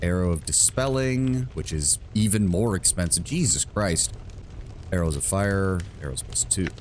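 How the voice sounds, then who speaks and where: A man with a low voice comments on a game as he plays, rambling and swearing casually while poking fun at himself. Faint noise sits under his voice. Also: expressive, unhurried, a little mellow. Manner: rambling, profane, self-mocking. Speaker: streamer.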